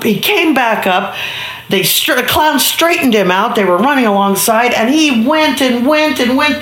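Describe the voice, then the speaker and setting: A woman's voice: medium pitch, echoey room. A woman telling an improvised story, acting out voices and sound effects. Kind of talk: improvised bedtime story narration.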